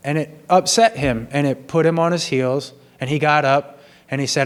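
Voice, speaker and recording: A man in an earnest, apologetic personal monologue, speaking slowly and in a measured way, recorded in a gym. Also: fairly high pitch, smooth. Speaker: vlogger sharing personal confessions.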